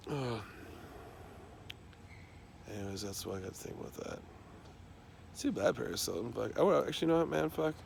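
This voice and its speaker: A man's voice: mid-range voice, very animated, moderate pace, vocal fry, pauses often, noisy background. A man talking in a loose, rambling monologue, swearing constantly and trailing off into fillers and restarts.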